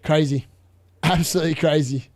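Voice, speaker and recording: A young man hosting a live fantasy football watchalong, chatty and excitable as he reacts to scores. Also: fairly high pitch, normal speed, dry recording. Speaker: fantasy football livestream host.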